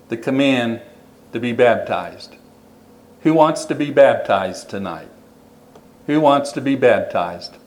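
A man preaching to his congregation in a plain, unhurried way, his voice sitting at an everyday middle pitch. He restates his points and makes gentle, earnest appeals. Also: rough recording. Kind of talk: sermon with closing invitation. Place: church hall.

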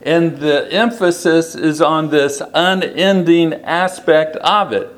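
Male preacher, fairly high voice, slow deliberate delivery, sermon, repeats key phrases.

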